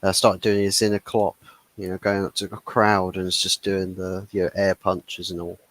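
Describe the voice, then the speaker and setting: A man's voice: sits low, level tone, normal speed, fairly bright tone, no room sound. A man in casual football chat, hesitant with many fillers and laughing at himself. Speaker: football podcast panelist.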